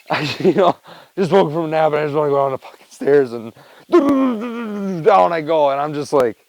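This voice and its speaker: A man's voice: on the high side, very animated, normal speed, darkish tone, dry recording, poor audio. A man chatting loosely to his camera at home, rambling, swearing and laughing as he tells a story. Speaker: vlogger. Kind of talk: casual rambling chat to camera.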